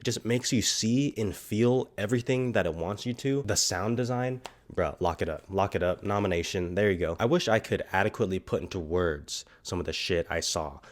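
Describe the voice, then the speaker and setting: A young man with a stuffy, congested voice giving an excited, slangy movie review at home. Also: fairly low pitch. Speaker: film reviewer. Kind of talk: casual vlog review.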